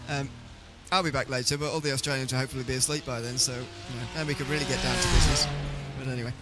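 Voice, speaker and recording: A man's voice: medium pitch, fairly even intonation, very fast, loud music behind the voice. A man giving live sim racing commentary, chatty and teasing his co-commentator.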